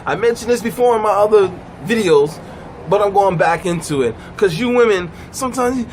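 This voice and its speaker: A man giving a blunt comic rant to camera, animated and emphatic, sitting in a car. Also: a little hiss or hum, rough recording. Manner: animated, swooping pitch, drawn-out emphatic phrases. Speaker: vlogger.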